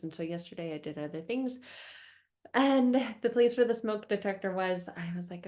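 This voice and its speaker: Woman, self-help vlog host, casual talk, expressive storyteller, rhythmic repeated phrases, mid-range voice. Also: mid-range voice, a little fast. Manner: expressive storyteller, acts out her frustration in quoted outbursts.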